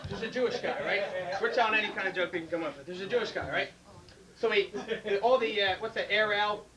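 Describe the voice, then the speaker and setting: High-voiced man telling jokes off-mic. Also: highs cut off, a crowd in the background. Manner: loose, halting joke delivery with fillers. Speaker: host inviting joke tellers. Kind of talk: casual stand-up joke telling. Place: live informal comedy gathering. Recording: distant mic, faint background noise.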